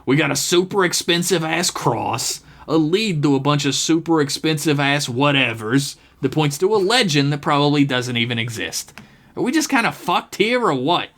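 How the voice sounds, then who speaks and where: A screechy, unhinged male sidekick, played by a man talks in a raised, shrill voice that sits well above a normal speaking pitch. He sounds wild and excitable, the loose cannon of a comic story read aloud on a podcast. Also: normal speed. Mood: exasperated.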